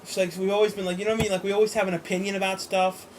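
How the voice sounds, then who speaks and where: A man's voice: sits high, level tone, racing, noisy background. A young man co-hosting a casual question-and-answer chat, rambling with lots of fillers and casual swearing. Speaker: co-host answering viewer questions.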